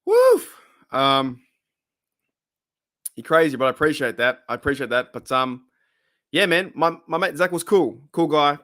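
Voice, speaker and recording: A man's voice: fairly high pitch, sing-song, unhurried, long pauses, fairly bright tone, no echo, studio quality. A young Australian man chatting casually on his channel, rambling off on tangents and chuckling often. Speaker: channel host. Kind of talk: casual live-stream chat.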